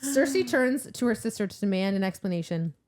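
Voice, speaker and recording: A woman's voice: mid-range voice, lively intonation, fairly quick, darkish tone. A young woman co-hosting a casual book-club podcast, retelling the plot in a chatty way with lots of "like". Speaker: podcast co-host.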